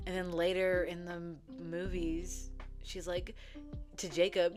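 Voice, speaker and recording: A woman's voice: on the low side, flat delivery. Chatty, profane young woman retelling a story. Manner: chatty and profane, many "like" fillers; acts out characters' lines in quick quotes. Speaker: book vlogger. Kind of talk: casual retelling to camera. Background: faint background music.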